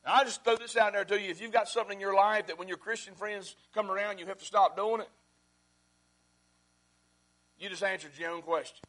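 A man preaching a sermon as pastor, repeating his phrases and swinging between loud and hushed. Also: high voice, steady tone, fast.

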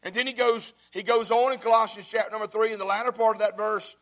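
High-voiced preacher man. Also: fairly even intonation, fast talker. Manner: repeats phrases, swings from loud to hushed. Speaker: pastor. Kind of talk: sermon.

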